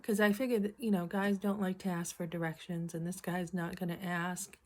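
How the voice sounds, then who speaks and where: A middle-aged woman talks casually to her camera, retelling a funny workday with lively acted-out quotes. Her voice sits a little low for a woman. She clears her throat often as she chats along. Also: brisk. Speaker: vlogger. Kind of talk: casual storytelling.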